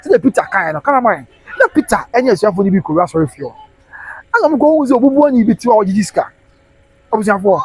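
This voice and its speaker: A man hosting a live news stream, animated and preachy, mixing Twi and English. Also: high-pitched, racing, slightly rough, low-quality recording.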